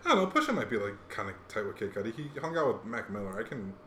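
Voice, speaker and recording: A man's voice: fairly low pitch, sing-song, very fast, a bit bright. Man, casual rap talk, rambling, lots of fillers, echoey room, faint background hum. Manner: rambling, many "like" fillers and restarts. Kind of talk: casual chat about rap music.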